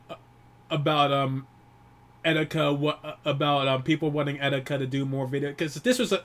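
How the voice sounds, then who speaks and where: A man grieving while talking alone to the camera, rambling and swearing often, with many restarts and pauses. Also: a little high. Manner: profane, rambling, frequent restarts. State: grieving, holding back tears. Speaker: YouTuber. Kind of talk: personal vlog monologue.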